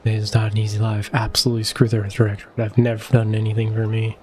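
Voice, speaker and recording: A man's voice: lowish voice, completely flat delivery, fast, darkish tone, slight background noise. A young man in his twenties, chatting offhandedly and joking while playing a game. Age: 20s. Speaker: gameplay streamer. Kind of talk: casual commentary over gameplay.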